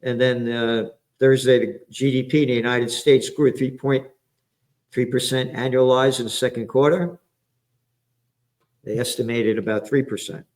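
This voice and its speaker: A man's voice: medium pitch, fairly even intonation, normal speed, a little mellow. A man from the Bronx, hosting a profane, combative current-affairs commentary. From the Bronx, New York. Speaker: trends forecaster and show host.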